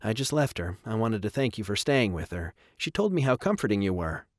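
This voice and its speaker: A man voicing a nervous middle-aged mother who speaks softly and hesitantly in an audiobook. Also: on the low side, sing-song, fairly quick, no room sound, clean studio sound. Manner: hesitant, soft-spoken.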